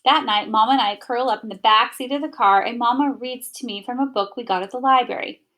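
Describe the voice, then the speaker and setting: A woman reading a children's picture book aloud in an expressive, gentle first-person narration. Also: on the high side, fairly quick. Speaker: storybook reader.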